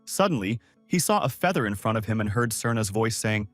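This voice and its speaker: A man narrating a scripted story recap with animated intonation. His voice sits close and dry, with no room sound. Soft music plays faintly underneath. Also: on the low side, a little fast, no room sound.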